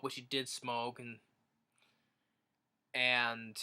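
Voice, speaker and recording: A man's voice: mid-range voice, steady tone, slow pace, pushed and bright, clean tone. A man casually retelling a movie's plot as a reviewer, rambling with many restarts. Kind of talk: casual film review recap.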